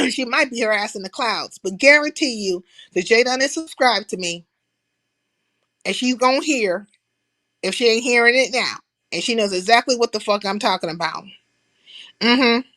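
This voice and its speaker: A woman with a slightly higher voice hosting a casual live stream. She talks loosely and profanely, rambling and calling out to her viewers. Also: a bit bright. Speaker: livestream host.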